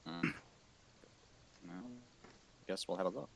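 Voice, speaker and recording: A man with a very deep voice chats casually as a player in a tabletop game. He speaks in an even, dry way and makes wry comments to the group. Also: slow, vocal fry, a little hiss or hum.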